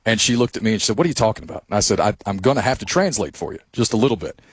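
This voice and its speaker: Fast-talking low-voiced man. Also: expressive, husky, dry recording. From Blue Ridge Mountains, US. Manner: quick, agreeable storyteller. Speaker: guest co-host. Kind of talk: casual radio chat.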